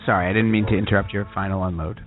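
A man's voice: deep voice, little pitch movement, rapid-fire, faint music behind. A man co-hosting a sports podcast, chatting playfully and laughing often. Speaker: podcast co-host. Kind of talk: casual chat. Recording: tinny phone-like podcast audio.

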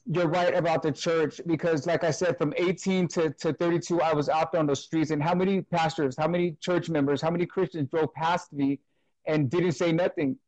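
A full-time minister appears as a guest in an interview, earnestly sharing his personal testimony and retelling at length what others said. His voice is a little high and darkish, with a steady tone and a fairly quick pace. The recording is poor, with no room sound.

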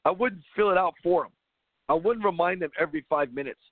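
A man's voice: high voice, a little fast, no room sound. A man who coaches basketball and hosts a show, talking through his views in a rambling, emphatic way with frequent restarts. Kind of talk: casual monologue. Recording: tinny phone-like line, dry.

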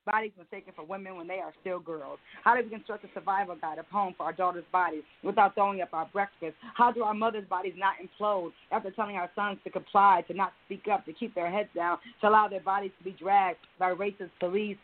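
A woman's voice: mid-range voice, steady tone, fast talker, few pauses. A woman poet performing her spoken-word poem with a rhythmic, insistent cadence, then chatting loosely with many fillers as an interview guest. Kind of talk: spoken-word poetry reading, then casual interview talk. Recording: tinny phone-like line.

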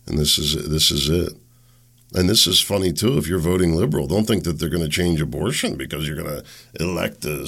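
Low gravelly guy doing a solo commentary show, blunt and sarcastic. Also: a bit bright. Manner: sarcastic, blunt, rambling with restarts. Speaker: talk show host.

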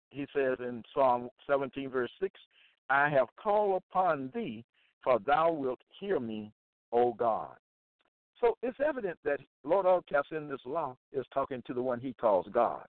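A man preaching and reading Bible verses aloud, repeating phrases emphatically and deliberately. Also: medium pitch, expressive, no echo. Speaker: Bible teacher. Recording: dry tinny phone-like sound.

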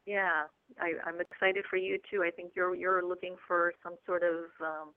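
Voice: medium pitch, level tone, moderate pace, smooth, dry recording. Agreeable caller heard over a dry, tinny phone line. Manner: grateful, agreeable. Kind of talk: casual call-in chat.

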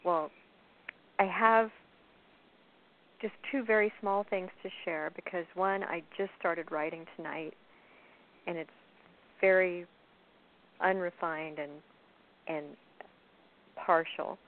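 A woman calling in to a poetry radio show, speaking softly, slowly and deliberately. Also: lowish voice, steady tone. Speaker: caller and poet. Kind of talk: phone-in conversation. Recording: tinny phone line with faint hiss.

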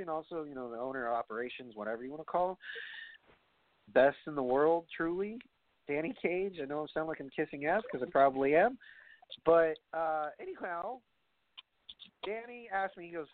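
A man hosting a casual podcast chat, excitable and joking, rambling as he talks. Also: high voice, dry recording. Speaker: podcast host. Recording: tinny phone-like line.

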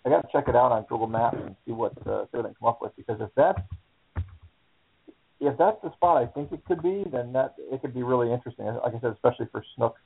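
Gravelly man calling in on a phone line. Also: mid-range voice, expressive. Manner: thinking aloud, halting with many restarts. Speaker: caller. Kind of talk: casual radio chat.

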